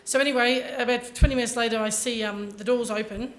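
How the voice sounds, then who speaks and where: A woman telling a story in an animated, chatty way as a conference speaker. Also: on the high side, fairly quick. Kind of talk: storytelling keynote.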